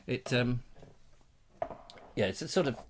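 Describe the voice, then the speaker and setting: A man's voice: mid-range voice, animated, unhurried, noisy background. A man from England hosting a live stream, chatting in a jokey, rambling, theatrical way on a lapel mic. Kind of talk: casual live chat.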